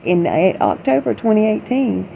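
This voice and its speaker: Low raspy-sounding lady gossip vlogger, mellow tone, rambles and chats between reading bits. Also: lively intonation, normal speed, lo-fi sound, slight background noise. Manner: chatty, opinionated, rambling. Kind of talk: reading gossip articles aloud with asides.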